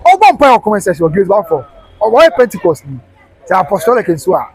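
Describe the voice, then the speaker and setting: Fast-talking husky man. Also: high voice, poor audio. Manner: animated, preachy, mixes Twi and English. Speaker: live stream host. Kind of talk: live news commentary with preaching.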